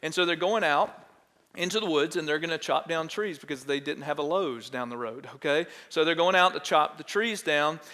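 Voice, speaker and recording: Pastor guy preaching, talks right to the crowd, fairly high voice, echoey church hall. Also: moderate pace, sharp tone. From Texas. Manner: conversational, asks the congregation questions. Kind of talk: sermon. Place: church sanctuary.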